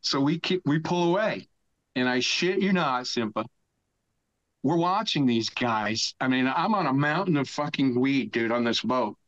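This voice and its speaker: This man in his sixties, appearing as a podcast guest, unspools a long, lively story at an unhurried pace, swearing liberally and bellowing the lines he quotes. His pitch is medium and the sound is dull.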